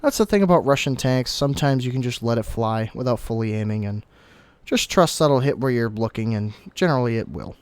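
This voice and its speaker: A young man talks through a match in a relaxed, explanatory way, now and then jumping up in excitement. His voice sits in an ordinary middle pitch. It is recorded close and dry, with no room sound. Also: brisk, smooth, no room sound. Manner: chatty, explanatory, with sudden excited outbursts. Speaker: gaming commentator. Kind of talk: casual gameplay commentary.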